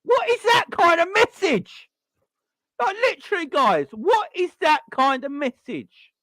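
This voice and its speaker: A man's voice: very high-pitched, very animated, measured pace, bright, forceful tone, no echo. A man hosting a football fan channel, ranting in frustration and firing off repeated rhetorical questions. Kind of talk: fan reaction rant.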